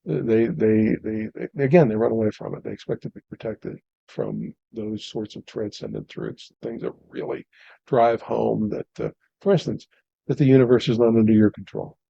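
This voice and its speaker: A man's voice: lowish voice, expressive, normal speed, vocal fry, dry recording, lo-fi sound. A man hosting a podcast, talking in a philosophical, emphatic way about truth and experience. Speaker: podcast host. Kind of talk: casual conversation.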